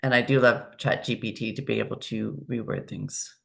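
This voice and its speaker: A woman talking as a podcast guest, lively and acting out the dialogue she quotes. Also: rumbling low, moderate pace, gravelly. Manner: animated, acts out quoted dialogue. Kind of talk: conversational interview. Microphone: video call.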